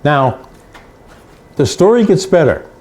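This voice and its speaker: A man's voice: on the high side, sing-song, takes it slowly, a little mellow. An older male sports reporter recounting stories in an anecdotal way, repeating phrases for emphasis. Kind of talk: storytelling.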